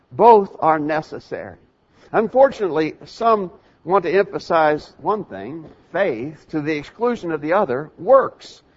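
Earnest preacher, slightly high voice. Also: male voice. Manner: earnest, plain-spoken, with frequent ums and repeated words. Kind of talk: sermon. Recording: dull lo-fi sound.

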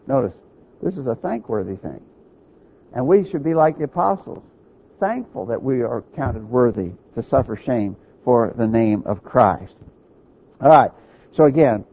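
A man's voice: medium pitch, slightly rough, dull audio. A man preaching a sermon, teaching earnestly, quoting scripture and checking in with his listeners.

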